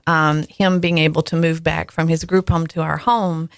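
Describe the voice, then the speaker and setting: A woman's voice: sits low, little pitch movement, moderate pace, smooth, no room sound, studio quality. A woman in her forties hosting a podcast, chatting candidly and telling personal stories with frequent fillers. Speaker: podcast host. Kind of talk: casual conversation.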